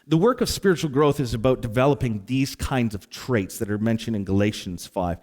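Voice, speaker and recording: A pastor giving a sermon, telling a personal story in a lively, self-mocking way with exaggerated sighs. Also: male voice, medium pitch, brisk. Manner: animated storyteller, acts out exasperated sighs and asides.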